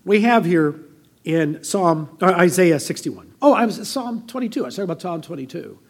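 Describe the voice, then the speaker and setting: An older American man delivering a sermon as pastor, conversational and anecdotal, with a gravelly voice. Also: sits high, animated, moderate pace. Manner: conversational preaching with personal anecdotes.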